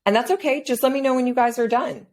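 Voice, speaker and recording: A woman's voice: a little high, fast talker. A woman hosting a podcast, reflectively retelling her own past thoughts in casual conversation. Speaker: podcast host.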